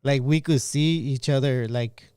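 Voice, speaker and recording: A man casually recounting a childhood experience, halting and restarting as he goes. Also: mid-range voice, steady tone, darkish tone, clear, resonant tone, no room sound, studio quality, soft background music. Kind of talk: casual storytelling.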